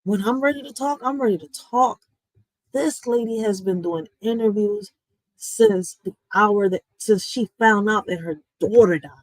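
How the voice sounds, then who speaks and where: In a rough, echo-free recording, a woman reaction streamer speaks at a measured pace in a medium-pitched voice. She delivers a blunt, heated rant to her live chat, swearing and lurching between loud and quiet moments. Talking straight to viewers, she often uses "listen" and "y'all".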